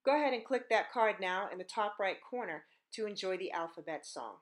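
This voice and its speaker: Brief: woman, mid-pitched, upbeat playful teacher, encouraging video lesson. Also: lively intonation, a little fast. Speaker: Spanish teacher.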